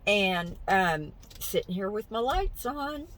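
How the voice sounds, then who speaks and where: Slow-talking older woman. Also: mid-range voice, lively intonation, fairly bright tone, rough recording. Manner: folksy, chatty, encouraging. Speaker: vlogger. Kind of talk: casual chat to camera.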